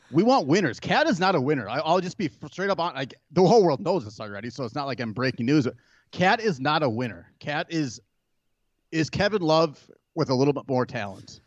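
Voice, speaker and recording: A man's voice: a little high, dry recording, highs cut off. A man in his thirties co-hosting a podcast, chatting casually about sports, brash and boastful, swearing freely. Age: 30s. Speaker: podcast co-host.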